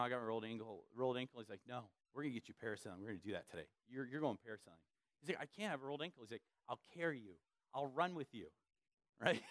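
A young man preaching a sermon in a church, telling a lively story and acting out the voices of the people in it, laughing along as he goes. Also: medium pitch, no echo, studio quality. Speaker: pastor.

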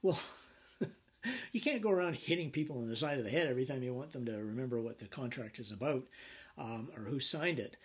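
A man teaching a business law class, telling anecdotes in an animated way with many fillers. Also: medium pitch, fairly quick, slightly rough. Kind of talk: recorded lecture.

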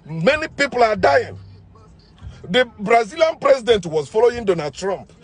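A man's voice: high-pitched, big pitch swings, normal speed, breathy edge, soft background music. A man delivering a combative, scornful monologue, repeating his points as he argues. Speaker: online commentator. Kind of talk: ranting monologue.

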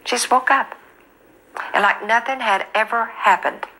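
A woman's voice: fairly high pitch, moderate pace, sharp tone, faint music behind, rough recording. A woman in an interview, telling a distressing memory vividly. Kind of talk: emotional interview recollection.

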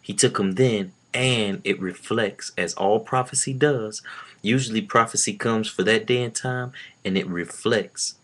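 A man's voice: on the low side, unhurried, fairly bright tone. A man giving an informal Bible teaching, earnest and loose, with many filler words. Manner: earnest, with frequent "you know" fillers. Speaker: preacher.

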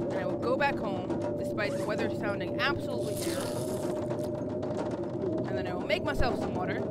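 A young woman casually commenting while playing a video game, chatty and profane, talking to her character. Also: mid-range voice. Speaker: gaming video host. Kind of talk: casual let's-play commentary. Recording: noisy audio with loud game ambience.

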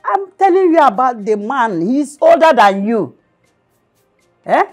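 A woman with a Nigerian accent playing a scandalized mother in a film, scolding in a husky voice. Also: lowish voice, lively intonation, normal speed, a little mellow, exaggerated voice. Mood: outraged. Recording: film sound with faint music.

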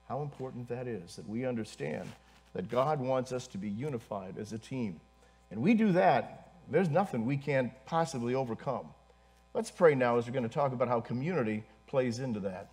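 A man who is a pastor, preaching a sermon to his congregation, earnest and building to emphasis, with pauses and fillers. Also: mid-range voice, lively intonation, darkish tone, husky, soft background music. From northern United States. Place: church congregation.

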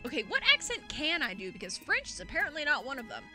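A woman's voice: high-pitched, huge pitch swings, quick pace. A woman hosting a let's play, giving chatty, rambling, self-deprecating commentary. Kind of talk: casual gameplay commentary. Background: game music.

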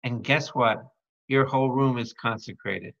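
Priest leading a Bible study: man, bright tone, slow and playful, dull lo-fi recording. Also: medium pitch, creaky. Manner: calls out to the audience with repeated questions; playful, jokes and breaks into song. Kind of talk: lively Bible study teaching.

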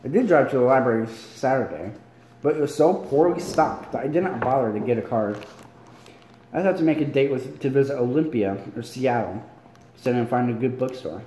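Man reading aloud, tired, self-correcting, mellow tone, roomy echo, phone recording. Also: mid-range voice, lively intonation, brisk. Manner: stumbles and corrects himself while reading. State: tired, yawning. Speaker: amateur reader. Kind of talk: casual read-along of a novel. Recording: echoey room.

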